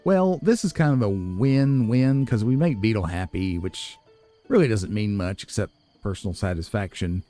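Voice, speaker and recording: A man giving relaxed, musing commentary as he plays a video game, chuckling at himself now and then. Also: on the low side, normal speed, soft background music. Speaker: let's play gamer. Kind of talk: casual gameplay commentary.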